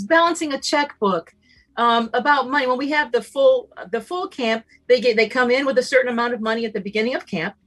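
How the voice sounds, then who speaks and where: A woman with a slightly high voice talks as a guest at a summit, emphatic and animated, in a casual, motivational way. She performs little snippets of dialogue in shifting voices, with faint music playing behind her.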